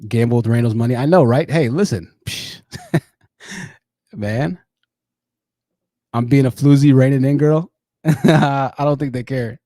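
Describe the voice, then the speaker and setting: A man's voice: mid-range voice, a little slow, long pauses, warm tone, dry recording, studio quality. A young man chatting casually on a livestream, talking straight to his viewers and often repeating himself. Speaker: livestream host.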